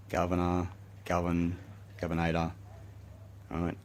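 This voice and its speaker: An Australian man records himself delivering an agitated, rambling rant to the camera, swearing heavily. His low voice is steady and a little fast, creaky and darkish, with a faint hiss or hum in the recording.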